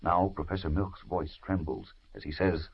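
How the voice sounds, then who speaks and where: A man's voice: deep voice, animated, normal speed, vocal fry, breathy edge. A man narrating a 1940s radio adventure serial in a dramatic, suspenseful manner. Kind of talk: scripted narration. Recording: muffled old radio broadcast.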